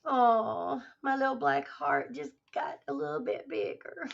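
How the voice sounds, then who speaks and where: A woman's voice: on the high side, very animated, measured pace, gravelly. A tired woman, chatting affectionately and rambling with her livestream viewers as her voice starts to give out. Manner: affectionate, rambling, laughs often. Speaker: livestream host. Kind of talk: casual livestream chat with viewers. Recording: dull lo-fi stream audio.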